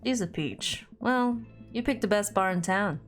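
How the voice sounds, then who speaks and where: A brooding, gruff bad boy from a dating game speaks low and clipped, as a woman reads him out. The delivery is dry and short, with faint music underneath. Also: animated, a little slow, natural voice.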